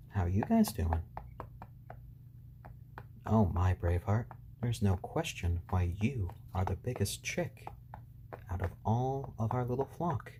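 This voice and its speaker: A man hosting a live stream, talking softly to his baby chicks in a low-key, soothing way and answering viewers' questions. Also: expressive, measured pace, a little hiss or hum. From born in Japan to British parents.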